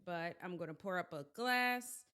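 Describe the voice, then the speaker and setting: A woman hosting a podcast in casual chat, her voice crackly and hoarse as she gets over being sick, talking in chatty, self-deprecating asides. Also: on the low side, lively intonation, normal speed, sharp tone. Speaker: podcast host.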